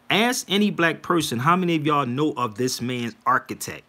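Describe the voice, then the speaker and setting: A man talking casually and insistently to viewers on a livestream, preaching and calling out to them directly. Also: a little high. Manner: animated, preachy, addresses viewers as y'all. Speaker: livestream host.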